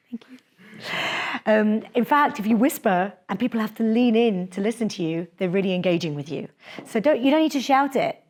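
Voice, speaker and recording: A young adult woman leading a live public speaking workshop in a lecture room, talking in a lively, chatty way and laughing often. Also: mid-range voice, a little fast.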